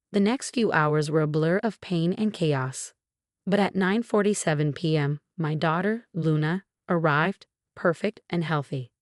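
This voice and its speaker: Low-voiced woman narrating drama. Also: moderate pace, no echo, studio quality. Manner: dramatic, emotional storytelling. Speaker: story narrator. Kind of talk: scripted first-person drama narration.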